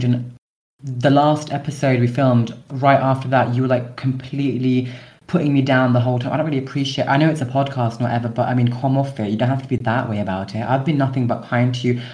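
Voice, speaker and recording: A man's voice: mid-range voice, fairly even intonation, fast talker, a little mellow. A young man co-hosting a comedic podcast sketch, ranting in an exasperated, defensive way. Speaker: podcast co-host.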